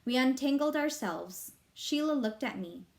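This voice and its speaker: Woman reader, fairly high voice, expressive storybook narration. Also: measured pace. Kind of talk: reading a children's novel aloud.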